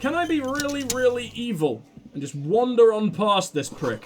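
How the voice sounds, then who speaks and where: A man's voice: extremely high pitch, normal speed. Young guy doing let's play commentary, jokey, voice jumps all over, some faint music behind. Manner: animated, joking, reads game text aloud. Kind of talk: gameplay commentary.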